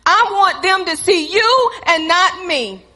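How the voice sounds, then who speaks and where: A woman pastor preaches in a very high, bright voice. She stirs the congregation with call-and-response and slips into acted-out dialogue. Her voice rings with the long echo of a church hall. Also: lively intonation, slow pace. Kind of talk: sermon.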